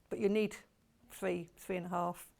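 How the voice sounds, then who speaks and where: Chatty, gravelly woman selling fabric. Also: on the low side, steady tone, slow, darkish tone. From United Kingdom. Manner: chatty and enthusiastic, lots of gushing praise. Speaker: shopping channel presenter. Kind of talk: live TV sales presentation.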